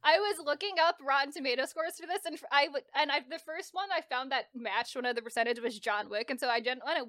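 A woman's voice: sits high, fast, fairly bright tone, dry recording, clean studio sound. A young woman hosting a comedy panel show, chatting casually and laughing as she explains scores. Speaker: taskmaster host.

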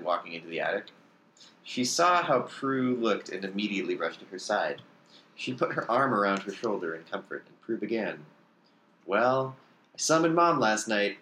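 A man's voice: a bit bright, roomy sound, a little hiss or hum. A man reading a story aloud, lifting his voice for the characters' lines and now and then stumbling and restarting. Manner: reads character lines with raised pitch and emphasis, occasional slips and restarts. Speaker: reader of fan fiction.

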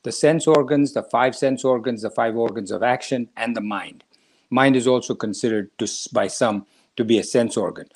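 A man's voice: medium pitch, moderate pace, a little mellow, slightly rough. A man from India, a spiritual teacher explaining scripture in a lecture, telling stories and speaking directly to the listener. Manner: storytelling, explanatory, addresses listener.

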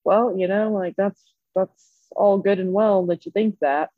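A woman voicing a calm old male master in a story, speaking in an even, measured way. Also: medium pitch, dry recording, narrow, tinny audio, close to an everyday voice.

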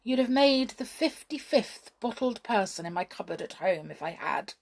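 A woman's voice: fairly high pitch, lively intonation, moderate pace, voice pushed up. Woman doing a bluffing boy wizard. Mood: commanding. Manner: commanding, bluffing. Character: clever young boy posing as a bold wizard. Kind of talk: storybook reading.

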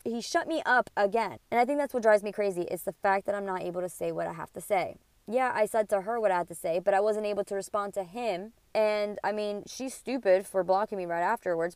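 A woman's voice: mid-range voice, darkish tone, dry recording. A woman hosting a podcast, telling a heated personal story with lots of swearing and quoted dialogue. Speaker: podcast host. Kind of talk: casual storytelling monologue.

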